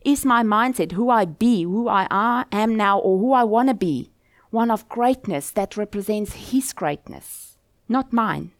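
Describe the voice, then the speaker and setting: A woman's voice: mid-range voice, measured pace, no room sound. Earnest woman preaching, dry close sound. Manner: earnest and steady, posing questions to the listeners. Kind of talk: sermon.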